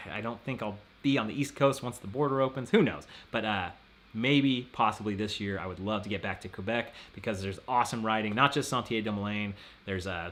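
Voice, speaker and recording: A man's voice: lowish voice, fairly bright tone. A man hosting a casual live stream, rambling and laughing often as he reads out viewer messages.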